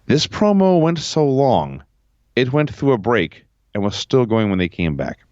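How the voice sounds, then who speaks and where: A man co-hosting a podcast from home, recapping events in a sarcastic, deadpan way during casual chat. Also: mid-range voice, unhurried, no room sound, highs cut off. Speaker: podcast co-host.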